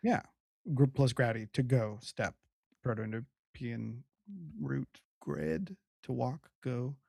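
Gravelly-voiced man reading word origins. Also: medium pitch, takes it slowly, a little mellow, dry recording, clean studio sound. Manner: reads dictionary entries aloud with fillers. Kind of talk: casual chat.

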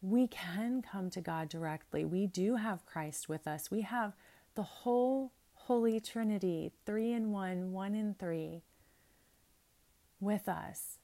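A woman's voice: mid-range voice, slow, dark tone. A woman pastor reading prayers aloud, then preaching in an earnest, conversational way with asides.

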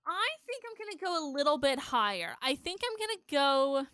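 A woman's voice: high voice, big pitch swings, moderate pace, noisy background. A woman co-hosting a podcast, chatting casually and upbeat about a TV episode, swearing freely. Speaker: podcast co-host. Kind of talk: casual chat recapping a TV episode.

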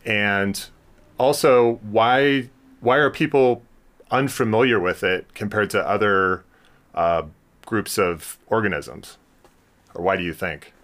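This science podcast host speaks slowly in a lower register with a fairly bright tone. His casual interview style is halting, marked by frequent ums and false starts.

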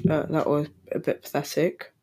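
A male podcast host talking casually and very fast, with lots of ums and restarts. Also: fairly high pitch, level tone, darkish tone, no room sound. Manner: talks very fast with many fillers and restarts. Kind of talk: casual solo podcast talk.

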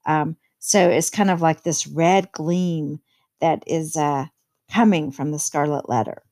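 A woman's voice: deep voice, steady tone, measured pace, darkish tone. A woman teacher explaining a novel chapter to her students, reading quotes aloud and adding plain commentary.

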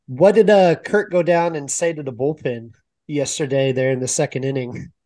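A man's voice: on the high side, moderate pace, warm tone, no echo. A man co-hosting a sports podcast, chatting in a laid-back way and chiming in with stats. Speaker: podcast co-host. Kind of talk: casual podcast interview.

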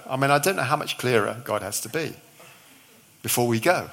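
A man's voice: a little high, moderate pace, fairly bright tone. A middle-aged male visiting preacher giving a sermon, telling a story with acted-out dialogue and touches of humour.

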